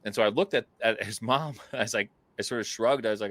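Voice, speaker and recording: A man with a somewhat low voice tells an animated story to his podcast co-host, peppering it with fillers and little laughs. The sound is dry and close, with no room echo. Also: brisk. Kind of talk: casual storytelling chat.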